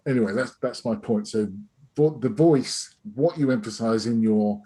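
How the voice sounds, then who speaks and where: A man's voice: mid-range voice, a little slow, mellow, husky. Rambling middle-aged man teaching sales. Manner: rambling, many restarts and fillers. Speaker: sales trainer. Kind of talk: masterclass on a video call. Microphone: video call.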